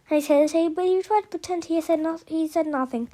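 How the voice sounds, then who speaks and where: A woman's voice: very high-pitched, fast, mellow. A woman reading a novel aloud, often stumbling and restarting words as she reads. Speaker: reader of an audiobook.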